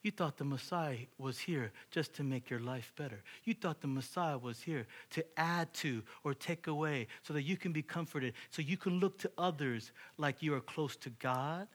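A man's voice: fairly high pitch, moderate pace, few pauses, natural voice. A man preaching a sermon, voicing Jesus as a firm, matter-of-fact teacher. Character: Jesus, calm and authoritative male teacher.

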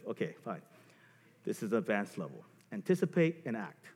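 A man preaching a sermon as a pastor, animated and joking, acting out little scenes between himself and his wife. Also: lowish voice, fairly quick. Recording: long hall reverb.

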